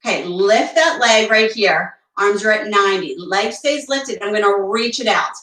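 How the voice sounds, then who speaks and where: A woman's voice: mid-range voice, moderate pace, fairly bright tone, reverberant, recorded from a distance, rough recording. A woman teaching a barre workout at home, counting reps and cheering her class on, a little out of breath. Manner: encouraging, counting reps, chatty asides. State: slightly out of breath. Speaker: fitness instructor. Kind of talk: guided workout instruction. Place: room at home.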